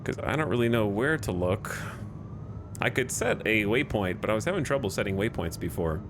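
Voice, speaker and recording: A man's voice: fairly low pitch, expressive, a little fast, background noise. A man streaming a video game, chatting casually with viewers in a rambling, jokey way and restarting his sentences often. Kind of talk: casual live-stream chat.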